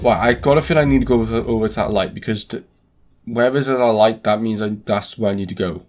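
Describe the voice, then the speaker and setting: A man doing let's play commentary on a horror game, excitable and jumpy, swearing often. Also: on the low side, quick pace, over music. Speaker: gaming streamer.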